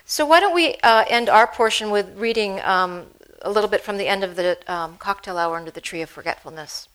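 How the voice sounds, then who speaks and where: Woman interviewer, halting speech. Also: medium pitch, a bit bright, smooth, poor audio. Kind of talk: onstage interview.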